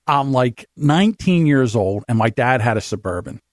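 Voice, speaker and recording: A man's voice: mid-range voice, moderate pace, no room sound, clean studio sound. A middle-aged man co-hosting a podcast, telling rambling, profane stories in casual chat. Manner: animated storyteller, swears freely. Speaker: podcast co-host.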